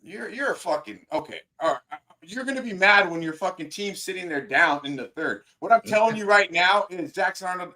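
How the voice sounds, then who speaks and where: A man co-hosting a sports radio show, arguing loudly and swearing constantly in a heated debate. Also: high voice, lively intonation, fairly quick, few pauses. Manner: loud, profane, yelling. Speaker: co-host. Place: radio studio.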